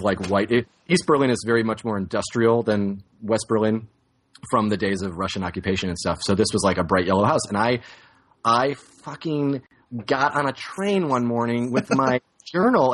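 A man telling a long, rambling story on a podcast, casual and self-mocking, laughing at himself often. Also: on the low side. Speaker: podcast co-host.

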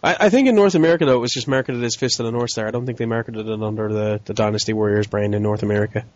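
A man's voice: on the low side, very fast, dry recording, dull audio. Snarky man reading gaming headlines. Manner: sarcastic, laughs often, snarky asides. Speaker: podcast co-host reading gaming news. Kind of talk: casual podcast chat with news headlines.

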